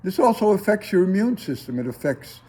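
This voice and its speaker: A man guides a breathing class in a slow, coaxing teaching voice. His tone is mellow and a little husky, pitched somewhat high for a man. He takes his time, leaving pauses between short cues. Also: big pitch swings.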